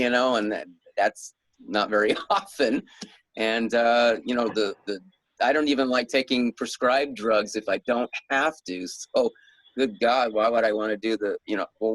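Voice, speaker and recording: A middle-aged man talks casually in an interview, rambling and chuckling as he goes. His voice sits at a middle pitch. The recording is dry and close. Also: fairly bright tone, dry recording, low-quality recording. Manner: rambling, chuckles often, many restarts. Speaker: guest author.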